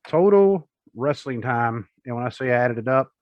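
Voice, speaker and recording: A man talks casually and rambles through his points, joking as he goes. His voice sits at a middle pitch. The audio is dull and lo-fi, recorded close and dry. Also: lively intonation, normal speed, dry recording. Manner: rambling, chatty, jokey. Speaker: podcast co-host. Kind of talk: casual chat.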